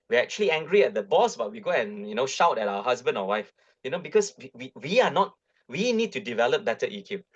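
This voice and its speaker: A middle-aged man with a Malaysian English accent gives a webinar talk on parenting, coaxing and lively, full of tag questions. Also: medium pitch, husky. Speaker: guest speaker. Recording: dull lo-fi webinar audio.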